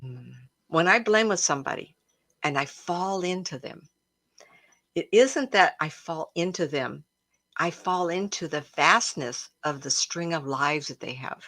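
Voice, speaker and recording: A woman with a slightly low voice hosts a casual livestream as a psychic medium. She tells her stories with a lot of feeling, sometimes laughing or gasping along the way. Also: measured pace. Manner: emotional, animated storyteller who laughs and gasps often.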